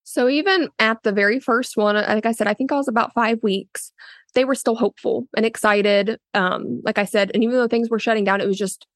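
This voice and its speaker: A woman's voice: on the high side, fairly even intonation, brisk, no echo, clean studio sound. A woman telling her own story in an interview, earnest and loose, with many fillers and restarts, often quoting others in a raised voice. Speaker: interviewee, a surrogate. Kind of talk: casual spoken interview.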